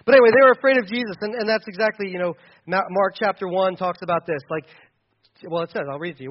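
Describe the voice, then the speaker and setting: A man's voice: sits high, fast, lo-fi sound. A man preaching a conversational sermon as a pastor, casual and chatty, often restarting his sentences with fillers.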